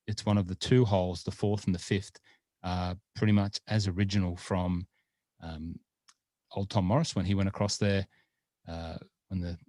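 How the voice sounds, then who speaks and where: Deep-voiced man rambling on a golf podcast. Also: warm tone, no room sound, clean studio sound. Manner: rambling, with many fillers and restarts. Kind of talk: casual podcast chat.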